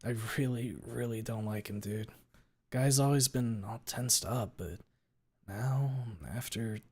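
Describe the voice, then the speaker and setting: A man voicing a gruff tailed young creature. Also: mid-range voice, slow, a little mellow. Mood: subdued. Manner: growling, blunt, swears casually. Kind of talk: read-aloud story voicing.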